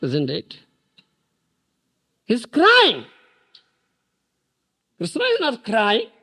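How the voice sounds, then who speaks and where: An older Indian-accented man delivers a devotional lecture, checking on his listeners with frequent questions. His voice sits high and swings widely in pitch, with a bright, forceful edge. The sound comes from an archival lecture tape made in 1991. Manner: emphatic, asks listeners rhetorical questions, chants verses in Bengali. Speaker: spiritual teacher lecturing.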